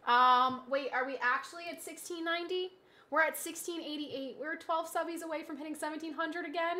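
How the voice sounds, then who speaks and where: A woman streaming a game live, bantering playfully with chat and reacting quickly to the action. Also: high-pitched, steady tone, pushed and bright.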